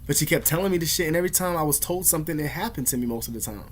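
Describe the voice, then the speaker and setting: A man's voice: a little high, expressive, racing, a little hiss or hum. A man ranting casually to camera in rambling, profane slang. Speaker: vlogger.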